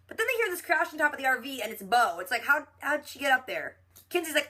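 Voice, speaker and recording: A young woman casually recapping a TV episode, chatty and animated, retelling scenes with quoted lines and lots of filler words. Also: high-pitched, quick pace. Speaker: reaction channel host.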